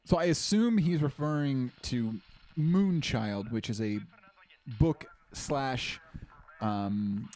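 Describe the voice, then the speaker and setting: A man's voice: medium pitch, slow, darkish tone. A man co-hosting a casual music podcast, rambling, swearing and laughing often. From Oklahoma. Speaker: podcast co-host. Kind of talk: casual chat.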